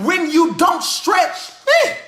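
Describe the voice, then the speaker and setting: A man pastor preaching a sermon, shouting and half-singing his lines, often crying out to God between phrases. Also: very high voice, slow pace, echoey room. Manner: shouting, sing-song preaching with cries of "help me, God".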